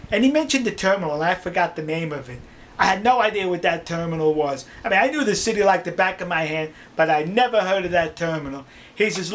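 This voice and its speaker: An older man telling stories in a casual, animated way, laughing often and acting out dialogue. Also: high voice, brisk. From New York City. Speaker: storyteller. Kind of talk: casual storytelling.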